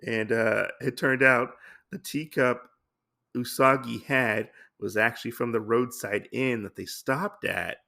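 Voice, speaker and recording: A man's voice: medium pitch, fairly even intonation, a little slow, gravelly, pushed and bright. A man hosting a podcast, casually recapping a comic story in a rambling, amused way. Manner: rambling, many fillers and restarts, amused. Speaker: podcast host.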